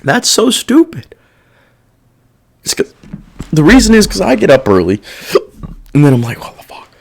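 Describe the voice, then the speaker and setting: A man's voice: sits high, wildly swooping pitch, moderate pace, vocal fry, slight background noise. A man hosting a casual solo podcast, venting in a profane, irritated rant that rambles and loses its thread. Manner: rambling, loses his train of thought. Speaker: podcast host. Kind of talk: casual monologue.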